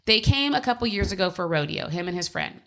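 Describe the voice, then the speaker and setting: A woman's voice: on the low side, lively intonation, fast, sharp tone. A woman co-hosting a podcast from home, telling a personal story in a candid, blunt casual chat, with frequent swearing. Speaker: podcast co-host.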